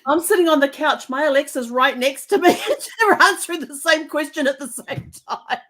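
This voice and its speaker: A woman's voice: high voice, fairly quick, a bit bright. A middle-aged woman hosting an online show, telling stories in casual chat with frequent fillers and laughs. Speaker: show host.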